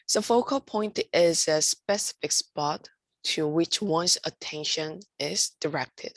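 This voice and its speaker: Slow, low-voiced woman lecturing with fry. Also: no room sound. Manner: hesitant, many fillers. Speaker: art instructor.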